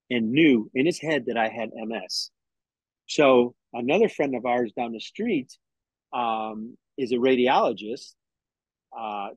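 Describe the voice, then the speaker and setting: A man's voice: mid-range voice, no room sound, poor audio. A middle-aged man telling a personal story in an interview, acting out what others said to him and often restarting his sentences. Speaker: interview guest.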